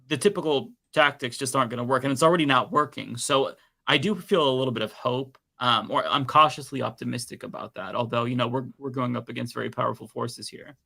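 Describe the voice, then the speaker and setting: A young man co-hosting a political panel, speaking in earnest, measured commentary. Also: medium pitch, creaky, pushed and bright. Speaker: co-host on a political stream. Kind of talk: casual panel chat.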